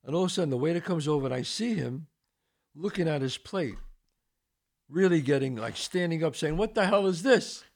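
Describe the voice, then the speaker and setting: Gravelly-voiced New man telling stories. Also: fairly high pitch, brisk, long pauses. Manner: animated, acts out quoted voices in a story. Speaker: podcast host. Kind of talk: casual storytelling and answering listener questions.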